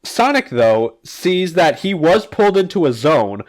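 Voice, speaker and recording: A man's voice: fairly high pitch, sing-song, unhurried. A man hosting a casual podcast, recapping comics in a rambling, filler-heavy way with the odd swear. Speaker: podcast host.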